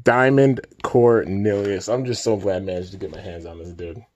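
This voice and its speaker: A young man hosting a casual toy unboxing vlog, excitable and filling his talk with "man" and "dude". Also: lowish voice, normal speed. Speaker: toy reviewer and channel host.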